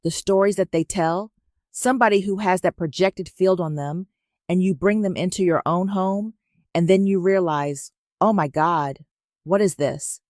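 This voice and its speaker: A woman teaching in a measured, instructive spoken lecture. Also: on the low side, darkish tone, no room sound, clean studio sound.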